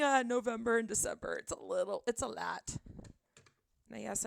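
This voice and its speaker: A woman's voice: medium pitch, gravelly, noisy background. Giggly young woman streaming from home. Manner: giggly, chatty, often breaks into laughter. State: tired voice. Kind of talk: casual live-stream chat. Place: her apartment. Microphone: desk microphone.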